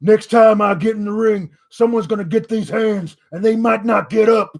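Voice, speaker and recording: A man's voice: sits high, normal speed, creaky. A man putting on the voice of a cocky giant male wrestler making brash threats of revenge. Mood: menacing. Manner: brash, boastful trash talk.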